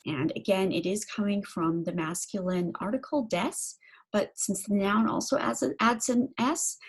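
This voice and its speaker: A woman lecturing on German grammar, saying German example phrases slowly and then giving them in English, with frequent ums. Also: mid-range voice, darkish tone, husky. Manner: slow, deliberate explanations with frequent fillers. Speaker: German language instructor.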